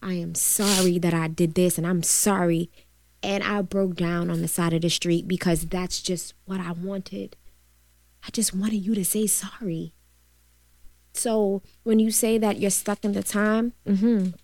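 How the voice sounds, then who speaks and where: A woman in a candid chat who presses others with pointed questions and grows softer and quieter when she tells a personal story. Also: lowish voice, level tone, moderate pace, no echo. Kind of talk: emotional casual chat.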